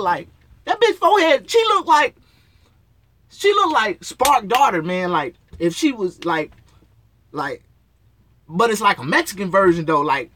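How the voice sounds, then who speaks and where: High, lively, bright-voiced man ranting. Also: no room sound. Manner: profane, rambling rant with frequent cursing. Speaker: talk show host. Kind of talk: solo ranting talk show. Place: in his motorhome.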